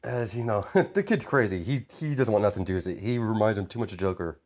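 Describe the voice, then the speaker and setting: A man's voice: fairly low pitch, expressive, fast talker, darkish tone. A man telling an improvised story in a loose, rambling way, with many fillers and chuckles.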